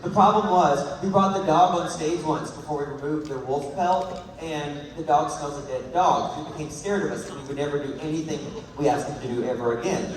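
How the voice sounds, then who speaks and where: A man holds a big convention hall with rambling comedic stories, laughing as he goes. His voice sits slightly high and sounds far off, wrapped in long, roomy reverb. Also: fairly quick, few pauses, crowd noise. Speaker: actor answering fan questions at a panel. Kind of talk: comedic storytelling on stage. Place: large convention hall with audience.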